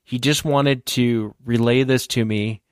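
A man hosting a podcast, chatting casually and retelling a listener's account with lively energy. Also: medium pitch, a little slow, clear, resonant tone, no echo, studio quality. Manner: animated retelling of a caller's story. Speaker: podcast host. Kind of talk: casual interview chat.

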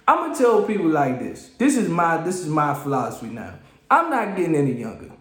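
A man hosting a solo podcast, ranting in an animated, exasperated way and often repeating and restarting his phrases. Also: a little high, brisk, reverberant. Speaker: podcast host. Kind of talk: casual solo podcast rant.

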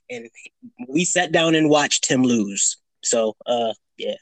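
A man's voice: a little high, expressive, measured pace, a bit bright, no echo. A man co-hosting a casual sports debate show, laid-back, stammering a little and answering in short agreements.

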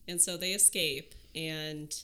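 A woman joins a relaxed movie conversation, mostly offering short agreements. Her voice sits fairly low for a woman but has a bright, edgy tone. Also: slow pace. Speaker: podcast co-host. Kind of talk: casual movie chat.

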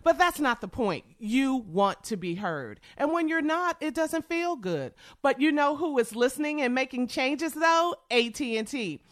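A woman radio co-host reading a spot in a chatty, upbeat tone. Her voice sits a bit high and sounds dry and close. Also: expressive, measured pace, few pauses, no echo. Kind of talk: read advertisement.

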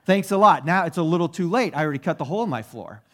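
A man's voice: fairly high pitch, lively intonation, racing, fairly bright tone. A middle-aged pastor telling a self-deprecating personal story in a sermon to his congregation, conversational and often asking them "right?".

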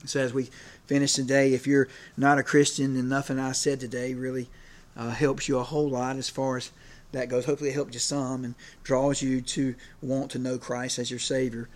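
Casting: male preacher, mid-pitched, chatty and unpolished, leans on "you know", tells homespun stories. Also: little pitch movement, fairly quick. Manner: conversational, many fillers, gets emotional. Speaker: preacher and PE teacher. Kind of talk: sermon.

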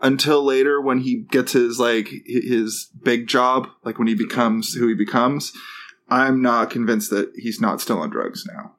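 A man's voice: medium pitch, steady tone, a bit bright, slight background noise. Casual, profane man chatting on a podcast. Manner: loose and profane, quick asides and impressions. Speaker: podcast co-host. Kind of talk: casual chat recapping a TV episode.

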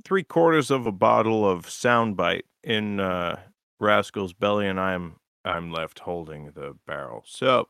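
A man's voice: low-pitched, lively intonation, measured pace, gravelly, fairly bright tone, clear, resonant tone, no echo, clean studio sound. A man co-hosting a podcast in loose, joking, profane casual chat. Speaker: podcast co-host.

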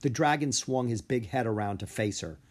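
A man narrating a children's book aloud in an expressive storytelling way. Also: medium pitch, normal speed. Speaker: audiobook reader.

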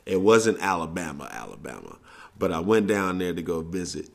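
Low-voiced blunt man. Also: normal speed, gravelly. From Southern United States. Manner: animated storytelling, blunt and profane, repeats for emphasis. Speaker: podcast host and coach. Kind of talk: casual advice talk.

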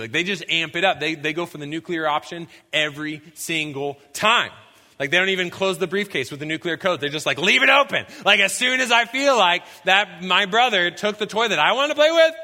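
Bright-voiced young male pastor preaching. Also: sits high. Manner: animated storytelling, bursts into shouts when acting out scenes. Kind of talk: sermon. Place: church sanctuary. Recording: long hall reverb.

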